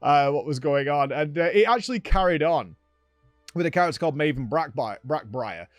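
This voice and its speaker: Animated man recapping a game. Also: a little high, fairly quick, no room sound, soft background music. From United Kingdom. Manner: animated storytelling, acts out exchanges with "I'm like". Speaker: streamer and show host. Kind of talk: casual gaming recap chat.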